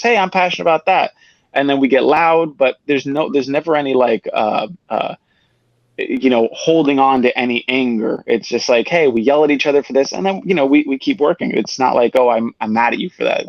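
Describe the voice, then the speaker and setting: A man, a business co-founder, tells stories in a casual interview and acts out what others said in lively quotes. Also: mid-range voice, no room sound, highs cut off. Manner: animated storyteller who acts out quotes.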